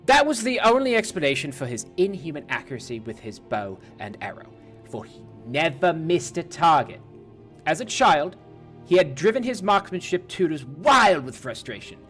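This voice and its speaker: A man's voice: a little high, fairly bright tone. A man reading a game book aloud on a stream, casually, swearing and stumbling over words now and then. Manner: irreverent, swears, stumbles and restarts while reading.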